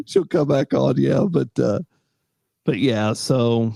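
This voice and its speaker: A man's voice: mid-range voice, wildly swooping pitch, slow, vocal fry, mellow, slightly rough, no room sound. A middle-aged man co-hosting a casual chat show, rambling with many fillers and restarts. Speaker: podcast co-host.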